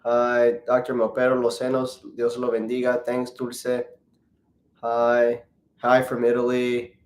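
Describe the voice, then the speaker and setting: A man's voice: medium pitch, monotone, a little slow. A man, a plastic surgeon, hosting a casual live Q&A, reading viewer comments aloud and joking as he greets people by name. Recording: roomy echo.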